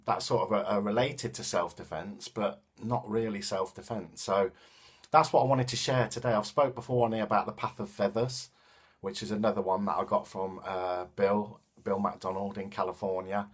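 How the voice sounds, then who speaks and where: A man's voice: fairly low pitch, husky. Thoughtful man with a Coventry accent. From England. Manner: thoughtful, hesitant with many ums and restarts. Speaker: vlogger and self-defense teacher. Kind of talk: casual spoken reflection.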